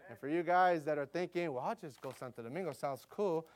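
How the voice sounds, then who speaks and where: A middle-aged American man preaching a sermon as a missionary, telling stories in an animated way and calling out to his audience. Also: on the high side, background noise. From United States. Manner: animated, quick storytelling with audience call-outs. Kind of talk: storytelling sermon.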